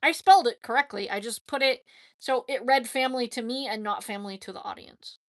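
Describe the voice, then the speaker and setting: A woman hosting a casual question-and-answer chat, talking in a rambling, chatty way with lots of "like" and quick laughs. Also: on the high side. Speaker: host answering viewer questions.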